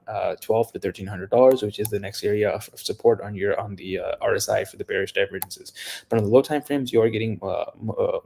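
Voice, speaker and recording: A man giving casual, technical market chart analysis, talking quickly and often correcting himself mid-sentence. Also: lowish voice, creaky, a little mellow. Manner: rapid, technical, with self-corrections.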